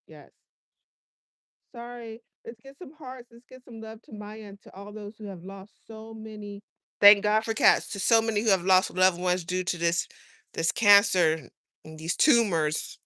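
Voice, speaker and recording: A woman's voice: mid-range voice, measured pace, fairly bright tone, dry recording, studio quality. Rambling, earnest woman chatting on a livestream. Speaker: livestream host. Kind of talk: casual livestream chat. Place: home garden, outdoors.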